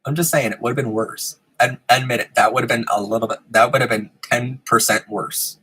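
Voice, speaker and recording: A man's voice: mid-range voice, steady tone, fairly quick, bright, forceful tone, breathy edge, low-quality recording. A man hosting a live stream in casual chat, giggling often and rambling with frequent ums, in a room with a fan running. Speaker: host of a live-streamed show.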